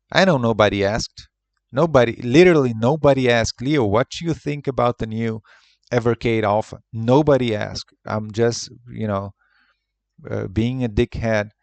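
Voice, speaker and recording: A man's voice: mid-range voice, dry recording. A man ranting in an unscripted monologue, profane and exasperated, rambling with lots of restarts. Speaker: retro gaming YouTuber.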